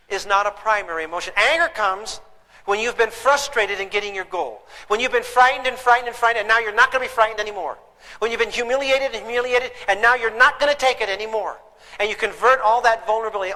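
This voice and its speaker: With a high-sitting voice that's pushed and bright, an older man gives a live parenting lecture. He tells stories emphatically and puts rhetorical questions to the audience, heard through long hall reverb.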